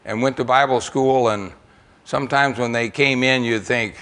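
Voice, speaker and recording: A man's voice: mid-range voice, steady tone, normal speed, a bit bright. An older American man speaking to a church congregation, telling missionary stories in a folksy, rambling way with frequent fillers and repeated words. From United States. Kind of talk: church testimony and storytelling.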